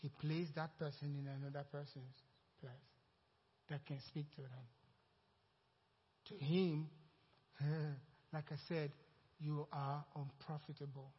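Preaching pastor in an echoey hall. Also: male voice, fairly high pitch, takes it slowly, long pauses, husky. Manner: animated preaching, acts out quoted dialogue. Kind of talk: sermon. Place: church sanctuary. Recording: dull echoey church hall recording.

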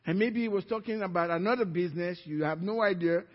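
A middle-aged man from Africa, a pastor preaching a sermon and telling a personal story, acting out the voices of others in it. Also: quick pace. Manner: storytelling, acting out quoted voices with rising pitch. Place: church. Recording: dull reverberant church hall recording.

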